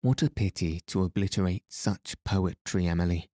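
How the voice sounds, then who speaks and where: A man's voice: low-pitched, moderate pace, mellow, no room sound, clean studio sound, close to an everyday voice. A man voicing a cruel, mocking female schoolteacher in a storybook reading, with jeering, taunting emphasis.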